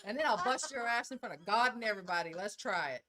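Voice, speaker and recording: A middle-aged woman with a drawl, co-hosting a casual chat. She tells stories in a brash, loud way, punctuated with laughter. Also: mid-range voice, animated, fast talker. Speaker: podcast co-host.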